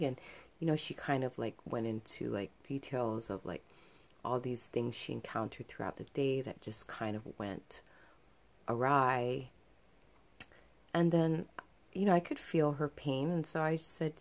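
Deep-voiced young woman rambling gently to her vlog viewers, earnest and chatty. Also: moderate pace. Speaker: vlogger. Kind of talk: casual storytelling to camera.

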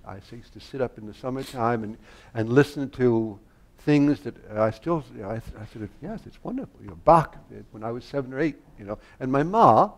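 A man's voice: mid-range voice, lively intonation, brisk. An older American conductor and harpsichordist, a guest on stage at a public talk, telling anecdotes animatedly and laughing, often restarting his sentences. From United States.

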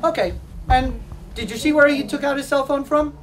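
Man, high-voiced presenter teasing schoolkids, laughs a lot; distant mic. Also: fairly even intonation, moderate pace. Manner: teasing, jokey, laughs often. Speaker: museum presenter. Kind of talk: playful classroom demonstration for children. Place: school room with children.

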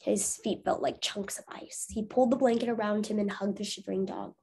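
A woman's voice: mid-range voice, fairly even intonation, brisk, a little mellow, husky. A woman teacher reading a storybook aloud to young students, then asking encouraging discussion questions. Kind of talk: reading aloud to children, lesson.

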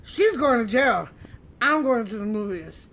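A man's voice: extremely high pitch, expressive, a little slow, a bit bright, heavily acted. A man putting on the voice of a cheerfully clueless friend who talks in a breezy, unbothered way.

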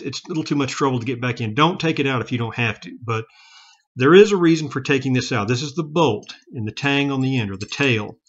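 Hobbyist man, mid-pitch, casual halting how-to delivery, slightly muffled recording with metal clicks behind. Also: fairly bright tone. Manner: plain-spoken, halting, frequent restarts and self-corrections. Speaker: gun hobbyist demonstrating revolver repair.

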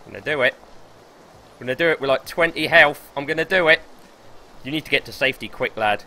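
A young man streaming gameplay live, excitable and swearing as he talks himself through the match. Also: mid-range voice, fast, long pauses. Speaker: gaming streamer.

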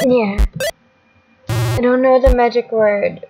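Slow-talking woman over loud game music. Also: mid-range voice, rough recording. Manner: self-mocking, muttering to herself, with sudden exclamations. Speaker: gaming channel host. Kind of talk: let's-play gameplay commentary.

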